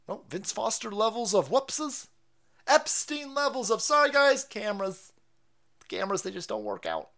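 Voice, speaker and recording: Bright, animated, swearing stream host. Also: male voice, high-pitched. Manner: profane, mocking, laughs often. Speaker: livestream host. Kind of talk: ranting livestream commentary.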